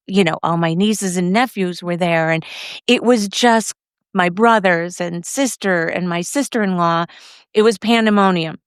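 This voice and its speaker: Smooth-voiced middle-aged woman telling her story. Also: lowish voice, dry recording, clean studio sound. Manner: lively, acts out other people's lines, laughs often. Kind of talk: personal storytelling in conversation.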